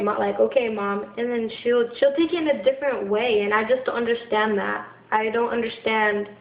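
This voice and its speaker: Frustrated young woman venting in an echoey room. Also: fairly high pitch. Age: young adult. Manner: frustrated, halting, many restarts and fillers. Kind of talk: venting to camera. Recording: echoey room, dull lo-fi sound.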